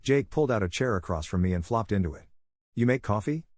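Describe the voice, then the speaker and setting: A man giving a measured, scripted first-person story narration. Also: deep voice, expressive, no room sound, clean studio sound.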